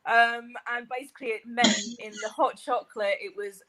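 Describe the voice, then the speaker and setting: Woman co-host, bit high, animated storyteller, hissy call audio. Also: normal speed. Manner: animated, laughs while telling stories. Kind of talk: casual storytelling.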